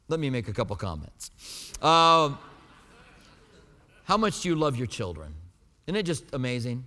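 A man's voice: mid-range voice, sing-song, normal speed, pauses often, bright, forceful tone, long reverb tail. A man preaching a sermon as a pastor. He teaches from the Bible in an emphatic, conversational way.

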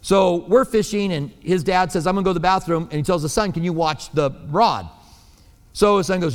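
A man's voice: high voice, expressive, quick pace, long reverb tail. A man preaching a sermon as pastor, telling stories in a conversational way and acting out voices.

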